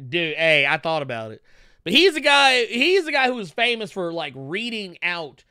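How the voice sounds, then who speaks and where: A man co-hosting a podcast, riffing in profane, animated casual commentary. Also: high-pitched, normal speed, clean tone, dry recording, clean studio sound. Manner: animated, swearing, laughing, mocking voices. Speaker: podcast co-host.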